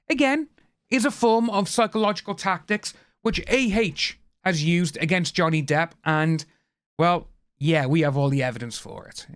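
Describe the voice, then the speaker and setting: A man's voice: high voice, no echo, studio quality. A man hosting a casual commentary, reading news aloud and adding opinionated, rambling asides. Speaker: channel host.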